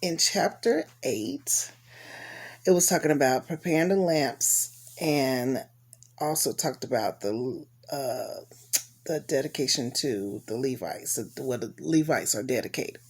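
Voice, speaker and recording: A woman with a low, husky voice reads scripture at an unhurried pace and chats between passages. She is cold and a bit sleepy, relaxed, with plenty of "you know" and "y'all." Her tone is plain and friendly. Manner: relaxed, chatty, with fillers and Southern US colloquialisms. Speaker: Bible reading host. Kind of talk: casual Bible reading and recap.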